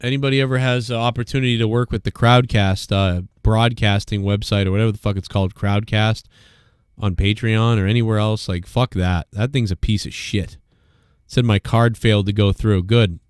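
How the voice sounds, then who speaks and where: A man's voice: on the low side, fairly even intonation, a little fast, smooth, no echo, clean studio sound. A man hosting a live show, ranting casually and swearing often as he rambles. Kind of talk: casual live-stream rant.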